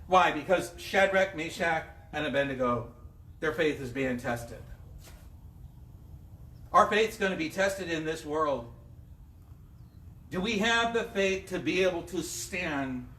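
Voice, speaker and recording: Lively storytelling preacher, high and bright, recorded from a distance. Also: male voice. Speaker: pastor. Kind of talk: sermon. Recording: echoey room, mic at a distance.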